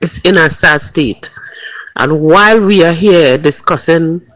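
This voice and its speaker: Male caller, Trinidadian accent, high voice, slow and halting, dry close sound. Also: a bit bright, no echo, low-quality recording. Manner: halting, stammering, wry. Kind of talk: phone-in commentary.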